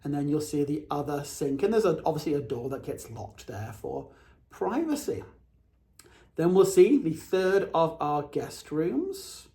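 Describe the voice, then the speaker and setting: A man's voice: on the high side, darkish tone. A man from England, a realtor narrating a home tour in an upbeat, chatty way as he points out the features of each room.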